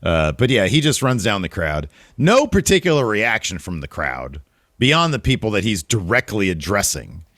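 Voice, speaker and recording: A man co-hosting a casual wrestling review podcast, joking and talking in an animated way. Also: moderate pace, no room sound, studio quality. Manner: animated, jokey, jumps into higher pitch for emphasis. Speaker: podcast co-host.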